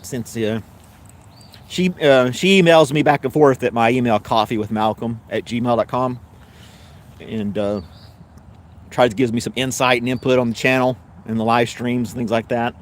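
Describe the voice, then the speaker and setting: This middle-aged Southern American host speaks at a moderate pace in a mid-range voice with a steady tone. On his casual live stream he rambles through lengthy anecdotes, full of fillers and restarts, correcting himself often and laughing freely while chatting with viewers.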